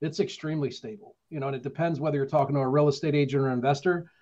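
A man argues in an animated, combative way on a real estate panel. His voice is fairly high. The sound is dull and lo-fi. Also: racing. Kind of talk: panel debate.

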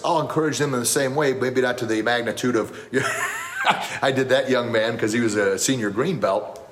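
A man who runs a martial arts academy gives a motivational talk on a live stream. His voice sits at a middle pitch, and he tells stories with a lot of drive, acting out the scenes and shouting when the moment peaks. He breaks off now and then to thank viewers for their comments. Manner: animated storytelling, gets loud and excited acting out scenes. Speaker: martial arts instructor and podcast host.

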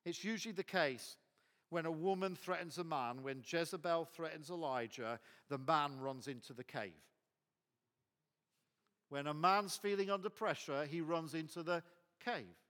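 A man's voice: on the high side, moderate pace, a bit bright, big-room sound. A man preaching a sermon as pastor, emphatic and repetitive.

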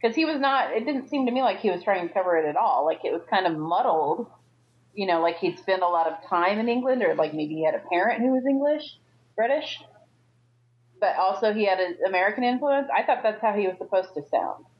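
A woman's voice: medium pitch, expressive, brisk, highs cut off. A woman guest on a podcast, casually explaining her view on a TV show. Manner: conversational, explanatory. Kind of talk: casual TV review chat.

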